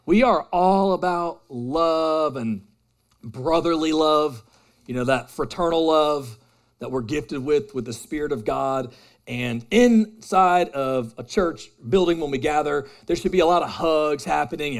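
Male pastor, thirties, slightly high voice, chatty self-mocking sermon delivery. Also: measured pace. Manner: casual, self-deprecating and conversational with the congregation. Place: church hall with a live congregation.

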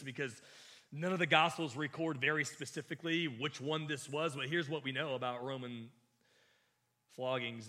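A male preacher delivers a sermon in a bright, forward voice. He is earnest and emphatic, and he often restarts his phrases mid-thought. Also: mid-range voice.

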